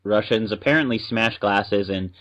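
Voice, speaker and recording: A man's voice: on the low side, moderate pace, fairly bright tone. Chatty male podcast co-host, muffled. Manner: chatty and explanatory. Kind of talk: casual podcast chat.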